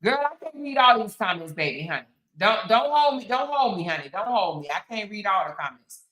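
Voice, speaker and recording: A woman's voice: mid-range voice, sing-song, a little fast, fairly bright tone, roomy sound. A woman, hosting a casual commentary stream, talking emphatically and answering her chat. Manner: sassy, emphatic, talks back to chat. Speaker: commentary show host.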